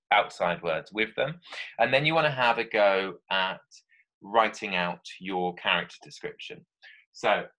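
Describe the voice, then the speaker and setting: Guy teaching kids writing, chatty, thinks out loud, fairly low voice but bright and forceful. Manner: chatty, thinks aloud while writing, asides to pupils. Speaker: primary school teacher. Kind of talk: remote writing lesson for children.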